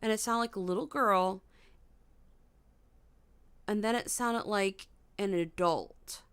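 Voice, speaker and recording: A young woman hosting a casual livestream from her bedroom at night, startled, sometimes hushed and humming melodies high. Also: slow, clear, resonant tone, no echo. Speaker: livestream host.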